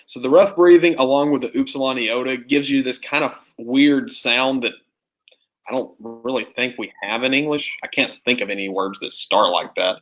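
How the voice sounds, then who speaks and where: A man's voice: medium pitch, moderate pace, fairly bright tone. A man teaching a Greek class, patiently quizzing students with prompting questions. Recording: muffled lo-fi classroom recording.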